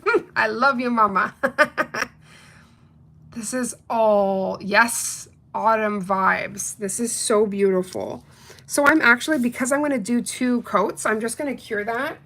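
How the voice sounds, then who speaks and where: A woman's voice: medium pitch, a bit bright. A young adult woman reviewing nail polish in a casual unboxing chat, bubbly and chatty, talking straight to her viewers.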